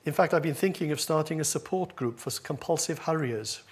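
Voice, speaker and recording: The congregation laughs in the background while a male pastor in church delivers his sermon, poking fun at himself with humor. He talks fairly quickly, in a voice that's a little high.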